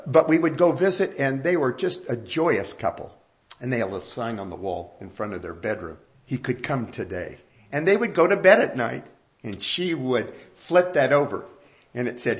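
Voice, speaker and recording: An older man preaching a sermon, telling stories and asking emphatic questions. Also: on the high side. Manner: animated storytelling, rising emphatic questions.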